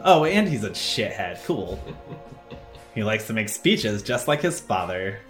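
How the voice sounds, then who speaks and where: A man co-hosting a casual let's-play, chatting in an animated way, swearing and laughing often. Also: lowish voice, a little slow, faint music behind. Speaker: game co-host.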